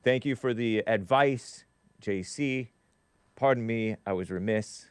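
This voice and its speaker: This show host runs a live talk stream, wryly reading chat messages, laughing a lot, and trailing off into restarts. He speaks at a measured pace in a fairly low, clear, resonant voice with no echo.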